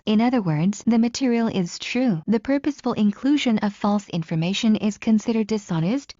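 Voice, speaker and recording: Female narrator, mellow and dry, for measured term-and-definition study flashcards. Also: medium pitch, dry recording, muffled recording. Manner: measured, even reading of term then definition. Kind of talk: reading exam flashcard definitions.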